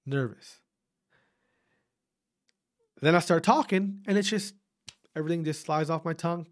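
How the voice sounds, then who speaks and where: A man in his thirties hosting a podcast, telling stories in a casual, profane, animated way that often breaks off and restarts. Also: fairly high pitch, normal speed, long pauses, dry recording, clean studio sound. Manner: profane, animated, self-interrupting. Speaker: podcast host. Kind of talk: casual storytelling monologue.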